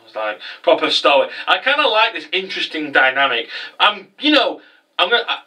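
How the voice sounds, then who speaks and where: Male recapper, animated and sweary, bright voice. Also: fairly high pitch, brisk, far from the mic, rough recording. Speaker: anime episode reviewer. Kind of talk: casual episode recap.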